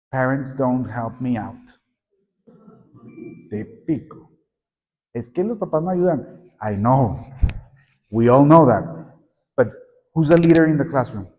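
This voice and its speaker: A middle-aged man leads a workshop for teachers, lively and prompting the audience to repeat and join in. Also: fairly high pitch. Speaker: teacher trainer. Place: conference room at a teachers' meeting. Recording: echoey conference hall.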